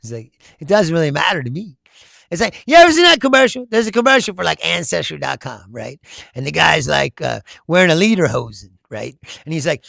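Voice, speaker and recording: A man's voice: fairly high pitch, brisk, gravelly, no echo, studio quality. A middle-aged man hosting a casual political chat, reading viewer comments and answering with profane, laughing stories. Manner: laughing, profane, animated storytelling.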